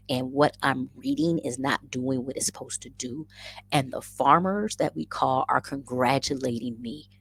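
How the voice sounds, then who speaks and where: A woman in her forties casually telling a story as a vlogger, animated and self-mocking. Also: rumbling low, breathy edge. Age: 40s. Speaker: vlogger and rabbit farmer.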